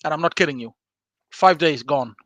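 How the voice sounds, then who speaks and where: A man's voice: on the high side, moderate pace, a loud crowd. An older man joining a live stream as a guest, teasing the others with dry humor. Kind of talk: casual live stream chat.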